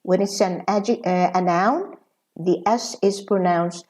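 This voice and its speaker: Woman, English professor, pronunciation lesson, unhurried, deliberate, filler-heavy. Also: lowish voice, a little mellow. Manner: slow and deliberate, with frequent uh fillers.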